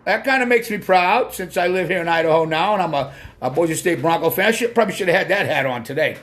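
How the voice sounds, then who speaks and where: A man with a Boston accent and a strikingly high voice, chatting through a casual live stream. He talks bluntly, drifts from point to point, swears freely and stops to greet viewers by name. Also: animated, fast talker, fairly bright tone. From Massachusetts.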